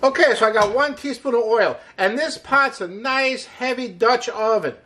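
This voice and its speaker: A man's voice: extremely high pitch, normal speed, pushed and bright, slight background noise. A middle-aged man hosting a cooking show as a chef, chatty and upbeat, walking through a recipe step by step with frequent exclamations. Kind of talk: casual cooking demonstration.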